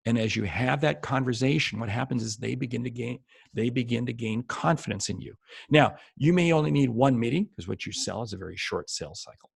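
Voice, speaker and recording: Gravelly man coaching with emphatic repetition. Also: medium pitch, a little fast, no room sound. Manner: emphatic, repeats key phrases for stress; speaks directly to the viewer. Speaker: sales trainer. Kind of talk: motivational coaching talk to camera.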